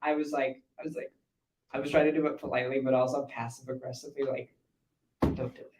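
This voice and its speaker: A man's voice: medium pitch, flat delivery, quick pace, noisy background. A young man co-hosting a sports podcast, easygoing and chatty. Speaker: podcast co-host. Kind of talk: casual sports chat. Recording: echoey room, mic at a distance.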